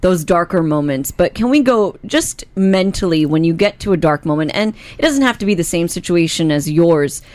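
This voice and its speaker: A female radio co-host chats and tells stories in a casual, easy way. Her voice sits slightly low for a woman. The studio sound is close and dry. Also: expressive, normal speed, few pauses, darkish tone, dry recording. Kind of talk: casual chat and interviewing.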